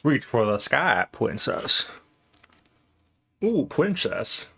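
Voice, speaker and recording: A man's voice: mid-range voice, big pitch swings, very slow, gravelly, bright, forceful tone, exaggerated voice. A man putting on a silly cowboy drawl. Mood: teasing. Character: silly male cowboy gunslinger.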